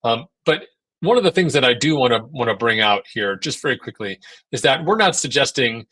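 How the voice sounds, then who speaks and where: Talking at a relaxed seminar, a male endurance coach restarts sentences, repeats words and leans heavily on fillers, now and then voicing characters in quoted asides. His medium-pitched voice is sharp and animated, moving fairly quickly, with no room sound.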